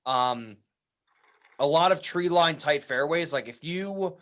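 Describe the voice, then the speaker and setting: A man's voice: a little high, slow pace, fairly bright tone. A man co-hosting a golf podcast in casual chat, joking with dry understatement. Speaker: podcast co-host.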